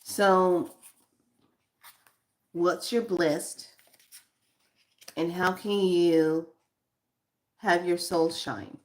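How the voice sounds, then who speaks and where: A woman giving a guided spiritual card reading, slow and reflective, repeating her questions to the listener. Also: on the low side, fairly even intonation.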